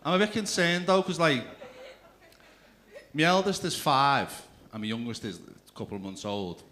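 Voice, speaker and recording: A man in his thirties on a comedy club stage, telling rude family stories and ribbing the audience between bits. His voice sits at an ordinary middle pitch, with faint room noise behind him. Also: normal speed, fairly bright tone. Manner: crude, chatty storytelling with asides to the crowd. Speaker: stand-up comedian. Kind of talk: stand-up comedy routine.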